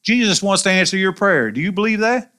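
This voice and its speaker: Man, Southern accent, pastor, sermon, folksy, lively, slightly high voice. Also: brisk, smooth. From American South. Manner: folksy, animated preaching with colloquial asides.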